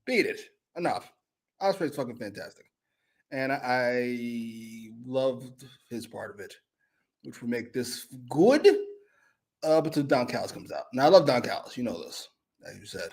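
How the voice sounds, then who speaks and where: A man co-hosting a live wrestling review, cursing and swinging from low mutters to loud shouted rants. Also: expressive, normal speed. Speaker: wrestling show co-host. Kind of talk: profane live review chat.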